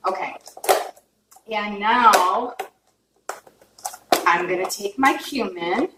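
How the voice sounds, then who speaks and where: A woman giving a casual cooking demonstration in her home kitchen, chatty and openly emotional, often checking in with viewers. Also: mid-range voice. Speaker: home cook. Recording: echoey kitchen, distant mic, faint noise.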